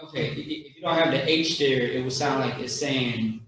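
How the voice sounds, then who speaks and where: A street teacher with a medium-pitched voice gives an outdoor pronunciation lesson at a brisk pace, drawing out sounds and coaching through repetition. The recording is echoey and distant, with crowd noise around him.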